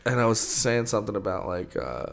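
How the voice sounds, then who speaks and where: A man's voice: fairly low pitch, very animated, fairly quick, gravelly, a little hiss or hum. A man hosting a podcast, telling rambling stories in casual chat, laughing often and swearing freely. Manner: rambling storyteller, laughs a lot, heavy swearing. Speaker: podcast host.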